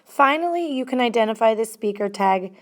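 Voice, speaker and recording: Woman teacher explaining grammar slowly. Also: fairly high pitch, animated. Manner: slow, deliberate explaining, stressing single words. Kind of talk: classroom grammar lesson.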